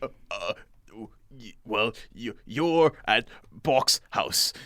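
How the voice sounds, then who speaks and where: A man voicing a nervous, very small, bald gentleman with a mustache who stammers and rambles politely. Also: medium pitch, lively intonation, slow, dry recording, clean studio sound.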